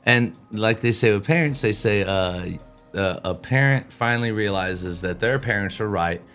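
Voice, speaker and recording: A man's voice: fairly low pitch, moderate pace, faint music behind. A man in his thirties on a casual podcast, talking bluntly and with lots of swearing about raising kids. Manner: blunt, profane, animated storytelling. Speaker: podcast co-host.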